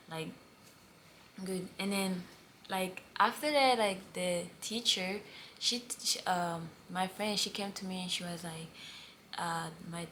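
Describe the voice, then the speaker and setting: A young woman, a college student, telling a personal story in a casual vlog, speaking softly and half-whispered and rambling with many fillers. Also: on the low side, slight background noise. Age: young adult. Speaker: student vlogger.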